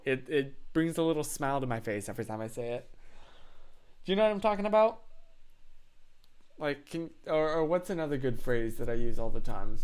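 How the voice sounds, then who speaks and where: A young man with a hoarse, raspy throat, chatting casually on a live stream in a rambling, self-mocking way. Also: medium pitch, a bit bright.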